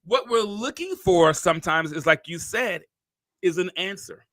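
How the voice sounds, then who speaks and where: A man's voice: high voice, animated, a bit bright, no echo, clean studio sound. A man hosting an interview show, talking casually with many restarts and building into a preacherly, repetitive rhythm. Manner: drawn-out, preacherly, repeats phrases for emphasis. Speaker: podcast host.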